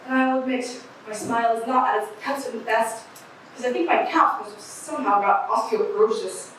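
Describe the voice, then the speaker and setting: A young woman acting on stage as an eccentric street bag lady who talks about aliens, with a raspy voice and a rambling, confiding manner. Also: on the high side, normal speed, fairly bright tone, slight background noise, lightly acted. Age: teenager. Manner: rambling, confiding, pointing out the audience. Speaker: student actor. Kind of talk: stage monologue. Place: camp theater stage. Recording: echoey hall from far off.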